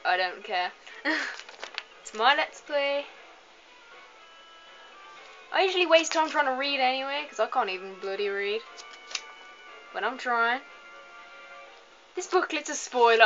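A young woman with a bright, forceful voice, chatting tiredly and self-mockingly over gameplay. She trips over long words and laughs it off. Faint game music sits behind a slightly dull, lo-fi recording. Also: fairly high pitch, expressive, a little slow, pauses often. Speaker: let's play host. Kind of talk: casual gameplay commentary.

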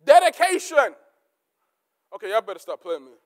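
A man preaching a sermon as pastor, repeating key words for emphasis and swinging between shouted peaks and low, quiet asides. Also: sing-song, normal speed. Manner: rising to shouts, then dropping to low asides.

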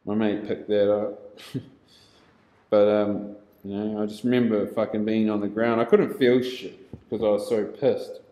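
A young New Zealand man with a New Zealand accent telling a rough story casually, heavy on swearing and laughter, now and then shouting. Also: lowish voice, fairly even intonation, a little slow, roomy sound, poor audio.

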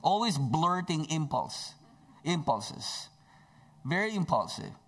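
A man's voice: fairly high pitch, sing-song, slow pace, vocal fry, fairly bright tone, slightly rough. A male pastor preaching a sermon, emphatic, stretching out key phrases, with joking asides.

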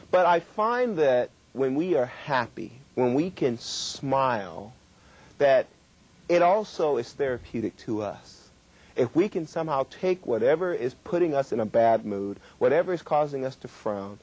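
Husky man giving a workshop lecture. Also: mid-range voice, a little mellow. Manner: emphatic, drawn-out stresses. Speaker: communication trainer.

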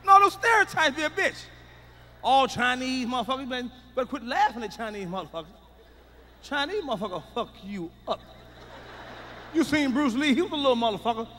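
A middle-aged man doing a loud, profane, emphatic stand-up routine, recorded live. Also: very high-pitched, lively intonation, fairly quick, big-room sound, slight background noise. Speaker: stand-up comedian.

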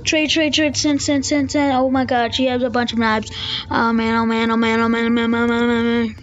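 A woman giving casual commentary over a video game, excitable and quick to repeat words in bursts. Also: fairly high pitch, lo-fi sound. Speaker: gamer. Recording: noisy home recording.

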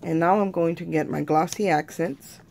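A woman's voice: lowish voice, normal speed, vocal fry, a little mellow, a little hiss or hum. A woman talking viewers through a craft tutorial in a chatty way, often calling them "you guys".

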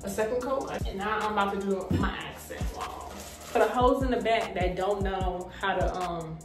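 A woman's voice: medium pitch, moderate pace. A young woman vlogging casually while redoing her bedroom, joking and laughing as she talks to the camera. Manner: chatty, joking, laughs often. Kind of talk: casual vlog chat. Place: bedroom being renovated. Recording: roomy echo, distant from camera, music behind.

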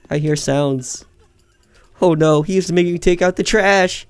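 A man giving let's-play commentary on a horror game, with joking, deadpan sarcastic asides. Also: a little high, a little slow, long pauses, slight background noise. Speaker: gaming video creator.

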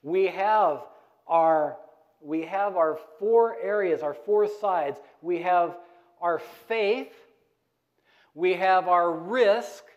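A middle-aged pastor preaches a sermon in a church sanctuary, using call-and-response by asking the congregation questions and waiting for their answers. His high-pitched voice moves extremely slowly, and the recording is muffled.

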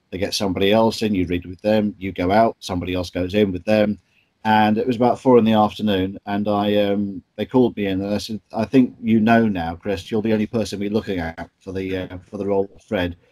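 Actor telling stories, slightly low voice. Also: male voice, a little mellow, no echo, poor audio. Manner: chatty, frequent ums and restarts. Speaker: stage actor, guest. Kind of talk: interview anecdotes.

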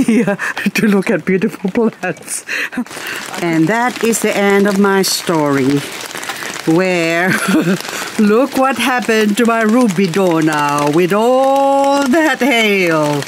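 A woman's voice: medium pitch, a little hiss or hum. An Australian woman vlogging casually as she walks around her garden in the rain, rambling and talking to her plants. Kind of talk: casual vlog chat while walking.

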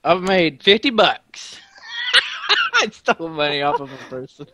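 A man's voice: a little high, wildly swooping pitch, measured pace, bright, forceful tone. A young man goofing around in a roleplay game with friends, joking and meowing in character. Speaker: game player. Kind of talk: casual gaming chat.

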